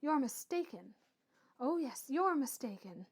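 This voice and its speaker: A woman reading an audiobook and voicing a proud, earnest young woman who speaks softly and with quiet fervour. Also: high voice, sing-song, unhurried, full character voice. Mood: indignant.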